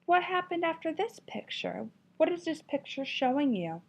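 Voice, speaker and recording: A woman's voice: high voice, big pitch swings, moderate pace, gravelly. A woman teacher reading a children's story aloud with expression, then asking a class encouraging questions about it. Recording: dull lo-fi recording.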